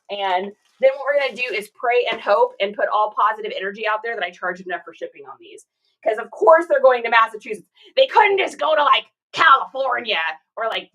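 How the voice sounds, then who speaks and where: A woman's voice: a little high, pushed and bright, rough recording. A woman reseller chatting casually with livestream viewers while packing orders, upbeat and greeting people by name. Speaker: reseller livestreaming her shipping.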